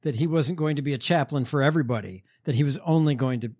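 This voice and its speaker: A man co-hosting a podcast, telling stories in a relaxed, sarcastic way with lots of fillers. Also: mid-range voice, quick pace. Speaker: podcast co-host. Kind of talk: casual chat.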